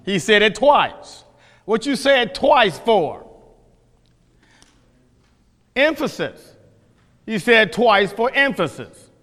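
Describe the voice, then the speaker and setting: A man's voice: sits high, sing-song, takes it slowly, fairly bright tone. A man teaching a Bible class, folksy, questioning his listeners, often restarting his sentences. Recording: echoey hall.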